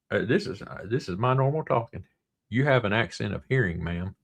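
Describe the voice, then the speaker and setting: Gravelly low-voiced man with a Southern drawl. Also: expressive, brisk. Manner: rambling, reads viewer comments aloud. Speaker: livestream host. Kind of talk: casual livestream chat.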